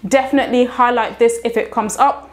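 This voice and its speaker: A woman's voice: fairly high pitch, steady tone, a little fast. A woman teaching English literature in an educational video, explaining patiently and checking in with frequent questions to the viewer.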